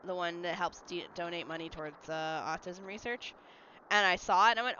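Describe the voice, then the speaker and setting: Gaming at home, a livestreamer answers chat messages in casual, rambling talk, using a brisk, sharp mid-range voice with fairly even intonation. Faint game music and slight background noise come through a slightly dull lo-fi mic.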